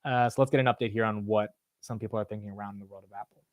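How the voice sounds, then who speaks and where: A man hosting a market show, reacting to news clips in casual commentary. He is excitable and slangy and swears freely. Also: lowish voice, rapid-fire, dry recording.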